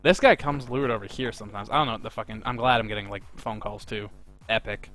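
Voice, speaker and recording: A man's voice: lowish voice, quick pace, fairly bright tone, soft background music. A man streaming a game live, giving rambling, profane, casual commentary into a desk mic.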